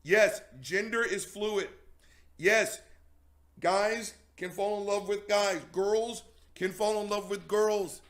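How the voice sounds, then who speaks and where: A male show host delivering a heated, profane, mocking commentary rant, sometimes shouting. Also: high voice, fairly even intonation, slow pace.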